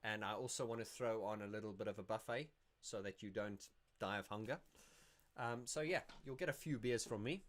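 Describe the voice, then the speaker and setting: A man hosting a casual livestream Q&A, chatty and rambling, often laughing and restarting his sentences. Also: mid-range voice. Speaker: YouTube channel host.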